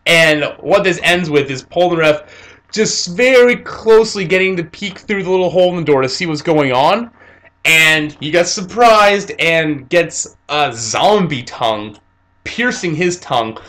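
A man's voice: a little high, a little slow. Young man chatting through an anime review. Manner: animated retelling with fillers and laughs. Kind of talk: casual episode review.

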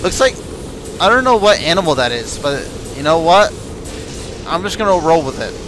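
A man's voice: fairly high pitch, sing-song, moderate pace, background noise. A man giving let's play commentary, chatting to game characters and yelping when chased. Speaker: gaming video creator.

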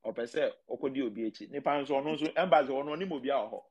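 Ghanaian man, mid-pitched, quick, talks in halting bursts, casual podcast guest. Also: darkish tone, husky, dull audio. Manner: halting, storytelling, with many restarts.

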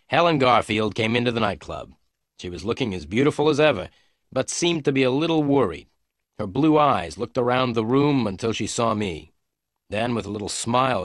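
A man reading a detective story aloud in clear, measured narration for English learners. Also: medium pitch, a bit bright, no echo, clean studio sound. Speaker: audiobook narrator.

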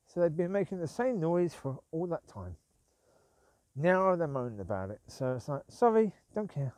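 A man's voice: a little high, animated, normal speed, darkish tone, no room sound. Grumbling man on a night walk. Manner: grumbling, repeats himself, calls sharply to his dogs. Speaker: vlogger walking his dogs. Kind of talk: rambling walk-and-talk. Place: outdoors at night on a street.

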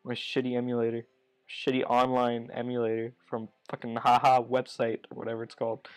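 A man's voice: mid-range voice, completely flat delivery, fairly quick, poor audio. Crude, self-mocking young gamer guy. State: voice going hoarse. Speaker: let's play host. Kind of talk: casual gameplay commentary.

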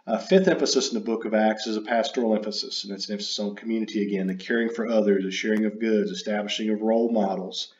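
Man, lecturer, halting delivery, frequent fillers, echoey room, muffled sound. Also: on the low side, steady tone, a little hiss or hum. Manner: halting, many fillers and self-corrections. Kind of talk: unscripted recorded lecture. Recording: dull roomy recording.

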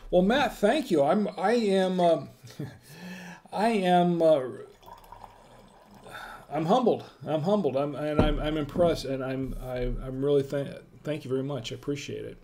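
A man's voice: fairly high pitch, unhurried, warm tone, slight background noise. A middle-aged man hosting a casual live-stream wine tasting, chatting with viewers in the chat and greeting them by name.

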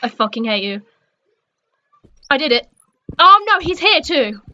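A young woman playing a horror game, swearing a lot and jumping between frightened shrieks and low mutters. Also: very animated, unhurried, sharp tone, lo-fi sound. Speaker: gaming streamer.

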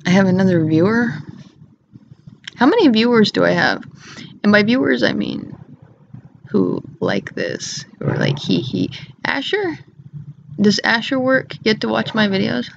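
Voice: medium pitch, sing-song, measured pace, gravelly, long pauses, muffled recording, slight background noise. A vlogger rambling in an erratic, giggly way, cracking crude jokes to the camera. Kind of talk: rambling solo vlog talk.

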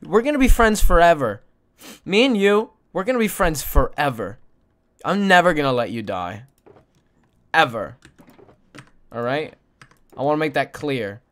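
A woman streaming a video game, chatting casually with her viewers and swinging between squealing joy and mumbled asides. She coos in a high baby voice at a pet. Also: lively intonation, a little slow, long pauses, fairly bright tone. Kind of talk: casual live-stream gaming commentary.

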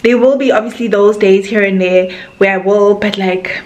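A woman's voice: mid-range voice, fairly even intonation, normal speed, a little mellow, muffled recording. A young South African woman in her twenties talks straight to her camera in a loose, unscripted vlog. She gushes and runs on emotionally, leaning on filler words as she goes. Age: 20s. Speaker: vlogger. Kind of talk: casual talking-to-camera vlog.

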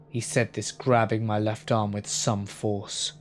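Slow-reading male horror narrator. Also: on the low side, level tone. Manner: slow, subdued storytelling. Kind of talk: scripted narration of horror stories.

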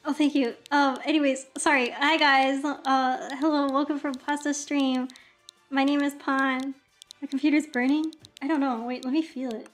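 High-voiced rambling young woman streamer. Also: moderate pace, soft background music. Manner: rambling and excitable, many filler words. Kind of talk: casual livestream chat.

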